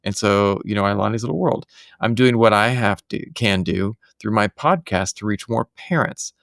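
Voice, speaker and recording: A man's voice: fairly low pitch, normal speed, gravelly, fairly bright tone, no echo, clean studio sound. A man who hosts podcasts, talking in a casual conversation from his home office and sharing earnest, reflective stories.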